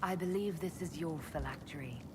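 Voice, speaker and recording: A woman voicing a calm female elven mage hero in a fantasy game, speaking in a measured way. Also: deep voice, noisy background, close to an everyday voice. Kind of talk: video game voice acting.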